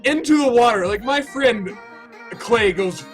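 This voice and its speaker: Higher-pitched guy streaming, rambly excitable storytelling, bit of music under it. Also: unhurried, poor audio. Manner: rambling, excitable, lots of fillers and restarts. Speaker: Twitch streamer. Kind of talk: casual storytelling to stream chat.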